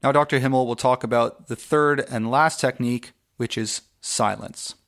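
A man hosting an interview, asking measured, guiding questions. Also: medium pitch, steady tone, a bit bright. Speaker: host. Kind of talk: podcast interview host.

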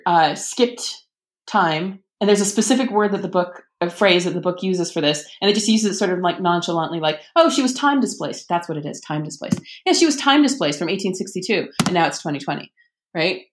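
A woman author talking casually about books, chatty, with many fillers and animated quoting. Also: lowish voice, normal speed. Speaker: author guest. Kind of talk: casual podcast conversation.

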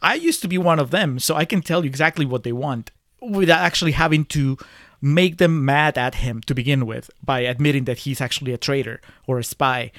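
Podcast co-host, mid-pitched man, chuckling and hesitant critic, dry close mic. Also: a little fast, no echo. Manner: chuckling, hesitant with uhs, posing hypotheticals. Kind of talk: casual movie review chat.

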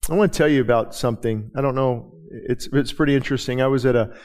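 A man's voice: mid-range voice, fast, a little mellow. A middle-aged man preaching, telling stories in a loose conversational way with many restarts. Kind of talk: sermon.

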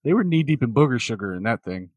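A man co-hosting a casual comedic film review, delivering wry deadpan jokes and laughing often. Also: mid-range voice, fast, no echo. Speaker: podcast co-host.

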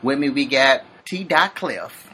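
A man hosts a casual podcast, his voice bright and bouncing up and down as he jokes around. He talks in loose slang and keeps breaking into laughter, with faint background noise. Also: medium pitch, animated, measured pace. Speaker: podcast host. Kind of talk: casual chat.

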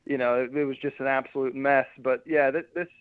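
A man's voice: medium pitch, fairly even intonation, a little fast, clean tone, no room sound. A man calling in as a guest reporter, chatting casually and stumbling over and repeating his words. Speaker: sports beat reporter, guest. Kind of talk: casual radio interview. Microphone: phone call. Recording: tinny dry phone line.

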